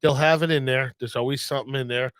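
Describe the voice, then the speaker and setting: A man's voice: medium pitch, fairly even intonation, fast talker, a bit bright, clean tone, dry recording. A man chatting casually as a podcast co-host, laid-back and blunt, with some swearing.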